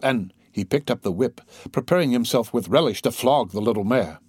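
A man narrating an audiobook in an expressive storytelling manner. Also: mid-range voice, fairly quick, hardly any pauses, breathy edge, no echo, studio quality.

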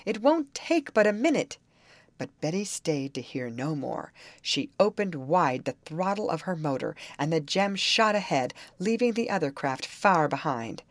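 A woman reading an old novel aloud in measured scripted narration. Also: sits low, animated, no room sound. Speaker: audiobook reader.

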